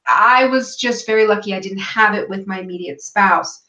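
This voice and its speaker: A woman's voice: mid-range voice, moderate pace. Chatty woman telling a story, echoey line. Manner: animated storytelling, acts out quoted voices. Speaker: guest. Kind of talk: casual interview chat. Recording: echoey, dull lo-fi call audio.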